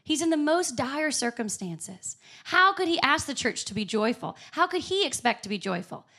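A woman's voice: high-pitched, big pitch swings, normal speed, bright, forceful tone. A woman preaching a sermon in church, upbeat and emphatic with frequent laughs. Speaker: pastor.

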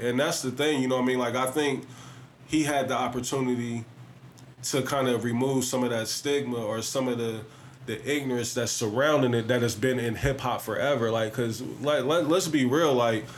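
A man's voice: medium pitch, slight background noise. Conversational man hosting a discussion. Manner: conversational, many "you know what I mean" asides. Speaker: podcast host. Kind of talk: casual discussion.

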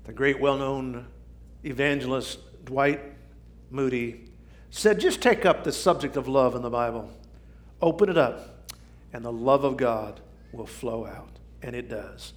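A man preaching a sermon, swinging from shouting to near whisper for drama. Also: mid-range voice. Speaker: pastor.

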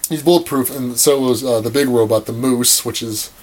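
A man's voice: medium pitch, moderate pace, darkish tone. A young man hosting a podcast, joking and rambling sarcastically in a casual movie-review chat. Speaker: podcast host.

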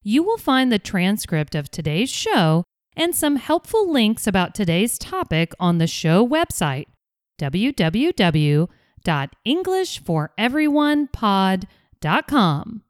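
A woman hosting a scripted English pronunciation podcast, modeling sounds slowly and carefully. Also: mid-range voice, sing-song, no echo, clean studio sound.

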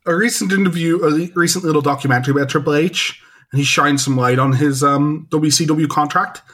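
Man, podcast co-host, casual chat, slightly high voice, rambling and enthusiastic. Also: fairly even intonation, a bit bright. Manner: enthusiastic, rambling fan talk with quick asides.

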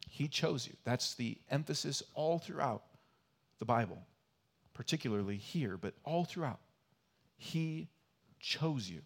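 A man preaching a sermon as pastor, earnest and repetitive for emphasis, swinging between loud emphatic lines and quiet asides. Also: mid-range voice, animated, a little slow, long pauses, husky. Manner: earnest, repeats key phrases for emphasis. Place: church.

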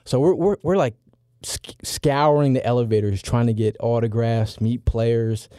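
A man in his forties, a podcast regular, telling a story in a lively, excitable way with many fillers. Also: medium pitch, unhurried, no echo, studio quality. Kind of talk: animated storytelling.

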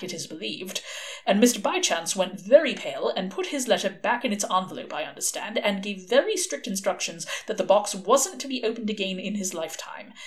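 A woman's voice: mid-range voice, natural voice. A woman voicing a chatty, fussy middle-aged male legal clerk who rambles eagerly.

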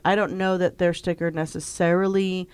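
A woman guest on a podcast who makes her case with simple everyday comparisons. Her voice is smooth and fairly low. The sound is dry and close. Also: flat delivery, moderate pace, darkish tone, dry recording. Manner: explains with plain everyday examples. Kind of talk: casual interview talk.

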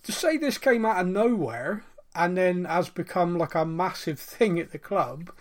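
Brief: male podcast host, slightly high pitch, chatty, stumbles and restarts, goes off on tangents. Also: animated, unhurried. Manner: rambling, self-interrupting, fond of mimicking accents. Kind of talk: casual chat.

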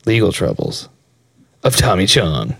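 A man's voice: low-pitched, sing-song, a little slow, vocal fry, fairly bright tone, slightly rough, no room sound, studio quality. A young man co-hosting a podcast in casual chat, rambling, laughing often and swearing freely. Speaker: podcast co-host.

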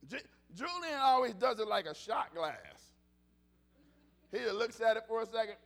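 A pastor delivering a casual, animated sermon, often repeating himself and restarting phrases. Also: male voice, very high-pitched, moderate pace. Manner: animated, conversational preaching with repetitions and restarts.

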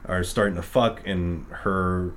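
A man's voice: sits low, steady tone, takes it slowly, fairly bright tone. A man casually retelling a film's plot with many fillers, often acting out the characters' lines. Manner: rambling, full of fillers, acts out quotes. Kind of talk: casual film recap chat.

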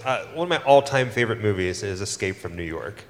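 Halting man moderating a stage panel. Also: fairly low pitch, lively intonation. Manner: halting, gushing fan questions. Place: large convention stage hall. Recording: reverberant hall, faint noise.

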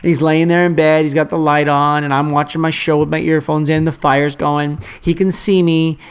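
A man preaches a sermon with a rough, gravelly texture. He drives points home by repeating them, then slides into chatty, offhand asides to the congregation. He sounds like a pastor with young kids at home. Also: a little high, flat delivery, normal speed. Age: adult father of young children. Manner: emphatic, repeats key phrases for the congregation; conversational asides and fillers.

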